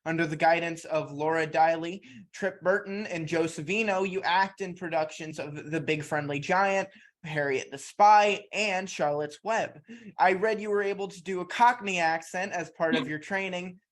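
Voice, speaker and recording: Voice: medium pitch, moderate pace. Host reading a guest's bio. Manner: reads long scripted biography, then asks questions. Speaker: podcast host, interviewer. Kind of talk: reading prepared interview questions and bio.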